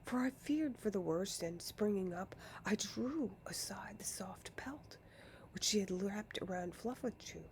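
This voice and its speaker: A woman reading a storybook aloud in a deliberate way, often dropping into a hushed whisper. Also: medium pitch, expressive, a little hiss or hum. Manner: slow, deliberate, often slipping into a hush. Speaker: narrator.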